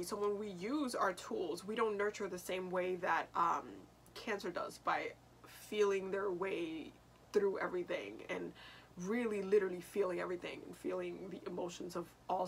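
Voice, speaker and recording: A woman's voice: mid-range voice, a bit bright, slight background noise. A young woman hosting a casual astrology talk, chatty, laughing often and restarting her sentences. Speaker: astrology channel host.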